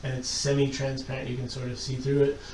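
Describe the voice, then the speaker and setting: A man's voice: medium pitch, monotone, quick pace, darkish tone. A young man running a tabletop game as game master, rambling with many fillers. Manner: rambling, full of "like" fillers, laughs often. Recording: echoey room, far mic, noisy.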